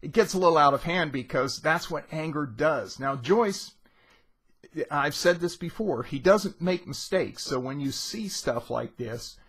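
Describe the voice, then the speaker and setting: Husky-voiced man explaining a novel. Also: fairly high pitch, expressive, unhurried, fairly bright tone. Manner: conversational, retelling scenes with rising emphasis. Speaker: literature teacher. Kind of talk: casual explanatory lesson.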